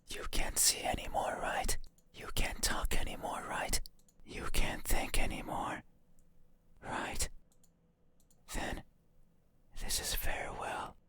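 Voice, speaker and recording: An actor voicing a creepy, insistent demon in a whispered role-play for a horror game. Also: close to an everyday voice. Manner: whispered, sudden loud commands.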